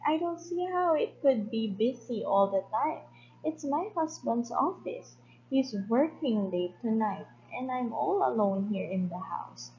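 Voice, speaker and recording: Woman reading a frail, anxious lady on the phone, slow and pleading, in a dull, lo-fi recording with a faint hum. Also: fairly high pitch, expressive, a little mellow, pitched above the performer's own voice. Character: nervous frail woman alone at home. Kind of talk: read-aloud radio play.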